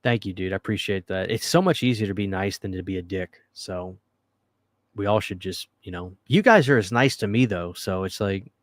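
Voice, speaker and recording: A man talks in a dry, close-miked voice, hosting a late-night livestream. He reads viewer comments aloud, thanks people often, and drifts into earnest tangents. His pitch sits a little low and the sound is dead and dry. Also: normal speed, dry recording. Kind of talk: casual late-night live chat. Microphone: studio microphone.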